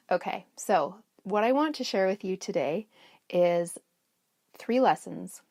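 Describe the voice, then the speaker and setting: Brief: middle-aged woman, podcast host, conversational storyteller, slight vocal fry, dry close sound. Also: mid-range voice, expressive, slow, mellow, no echo. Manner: chatty, storytelling, restarts mid-sentence. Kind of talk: casual self-care talk.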